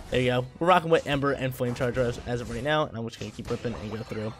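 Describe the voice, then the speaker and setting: A man's voice: medium pitch, quick pace, few pauses, faint music behind. A man giving live gameplay commentary, hyped and trash-talking, often repeating his phrases.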